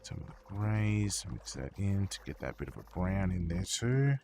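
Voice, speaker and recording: A man's voice: deep voice, sing-song, moderate pace, warm tone, a little hiss or hum. Casual, swearing male streamer chatting. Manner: rambling, profane, lots of fillers. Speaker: streamer painting models. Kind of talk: casual chat with stream viewers.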